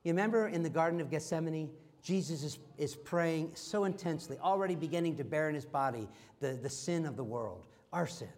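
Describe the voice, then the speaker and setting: Delivering a sermon, this middle-aged pastor has a fairly high-pitched voice and shifts between forceful, loud declarations and quiet, slow, hushed passages.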